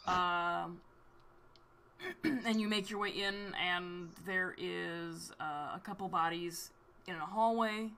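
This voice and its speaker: Woman game master, bright voice, loose hesitant narration, slight background noise. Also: fairly low pitch, slow pace. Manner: relaxed, hesitant with fillers.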